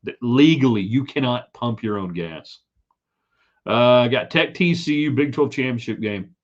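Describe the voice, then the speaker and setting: An animated man with a medium-pitched voice, speaking at a measured pace, hosts a live sports stream as a sports podcast host. His commentary is chatty and opinionated, rambling and restarting, and comes through a streaming setup mic in slightly dull lo-fi sound.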